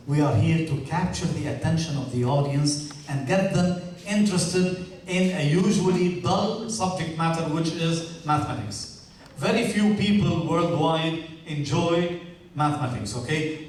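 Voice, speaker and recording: Man coaching students in an echoey hall. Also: fairly high pitch. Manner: encouraging, coaching, repeats "okay?". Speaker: teacher giving feedback to students. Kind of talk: classroom feedback talk. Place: school hall or classroom. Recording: echoey room, mic far off.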